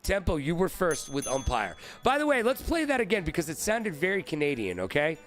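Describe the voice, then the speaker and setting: A man hosting a live-stream trivia game, excitable and profane, riffing with his chat. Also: on the high side, fairly quick, soft background music.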